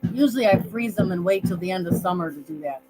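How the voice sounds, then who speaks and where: A woman's voice: lowish voice, quick pace, mellow, rough recording. A woman co-hosting a casual live stream over a video call, chatty and a bit apologetic, with light laughs. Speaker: co-host.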